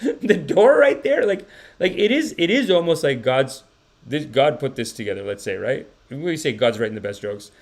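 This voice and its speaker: At a normal speed and in a mid-range voice, the man runs a relaxed livestream podcast. He reacts to clips with playful jokes and plenty of laughter, speaking straight to the people in his chat.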